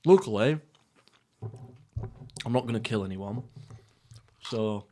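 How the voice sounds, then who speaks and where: A young man from England hosting a casual solo podcast while eating, rambling through jokey, crude, deadpan stories. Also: fairly low pitch, slow, a little hiss or hum. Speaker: podcast host. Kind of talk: casual solo mukbang chat.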